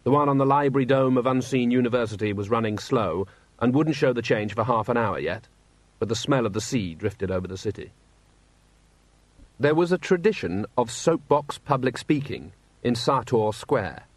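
A man reading a story aloud in a wry, steady narrating voice, acting out the characters. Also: mid-range voice, moderate pace, dry recording. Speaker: audiobook narrator. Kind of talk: scripted narration.

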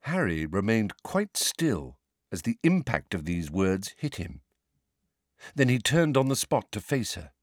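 Male storybook narrator, animated melodic delivery, dry close sound. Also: on the low side, unhurried, no room sound. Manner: varied, expressive reading. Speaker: audiobook narrator.

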